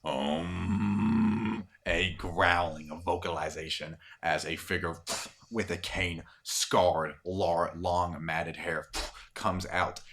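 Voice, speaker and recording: Low-voiced man, game master, casual, rambling, filler words. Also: animated, takes it slowly, creaky, fairly bright tone. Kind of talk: narrating a tabletop game.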